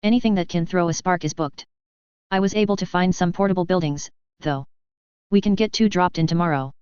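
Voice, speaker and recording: A woman's voice: on the low side, a little fast, darkish tone, clear, resonant tone, dry recording, dull audio, lightly acted. A woman voicing a squat, mocking female coworker who teases her boss. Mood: wry. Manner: smirking, teasing.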